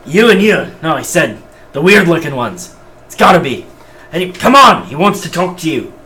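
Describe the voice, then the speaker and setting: A man's voice: on the high side, sing-song, normal speed, vocal fry, fairly bright tone, distant mic, exaggerated voice. A man voicing a boisterous, bossy armored male dwarf who calls people lad and boyo, in a tabletop game.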